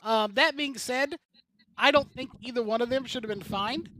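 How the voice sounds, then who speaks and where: A man's voice: extremely high pitch, moderate pace, bright, forceful tone. A man giving opinionated racing commentary on a casual talk show, rambling through his points. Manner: rambling and opinionated, with filler-heavy restarts. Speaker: co-host commentator.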